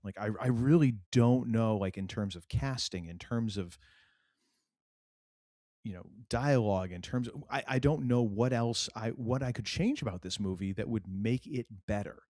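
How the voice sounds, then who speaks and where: In a dry, clean studio recording, a middle-aged man from New England co-hosts a podcast in a mid-range, slightly mellow voice at a moderate pace. His talk is loose and rambling, full of fillers and false starts.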